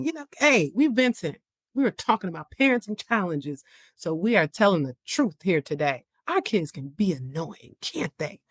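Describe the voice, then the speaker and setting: A woman's voice: mid-range voice, dry recording, studio quality. A woman psychiatrist hosting a podcast, talking candidly and casually, with plenty of "like" and "you know.". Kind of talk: casual podcast talk on parenting.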